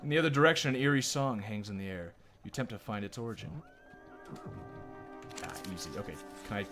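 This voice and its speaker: Over game music, a man streaming a card game reads its text aloud and rambles with casual swearing. His lowish voice is fast and lively in intonation.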